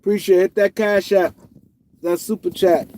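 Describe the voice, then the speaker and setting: A man's voice: high voice, normal speed, no room sound. A middle-aged man, hosting a casual livestream, telling stories with lots of repeats and restarts. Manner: animated storytelling with repetitions and restarts. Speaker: host.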